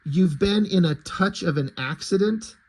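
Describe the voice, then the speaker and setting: A man's voice: high-pitched, measured pace. A man putting on a fussy mock-British butler. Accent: fake British. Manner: exaggerated, mocking reading.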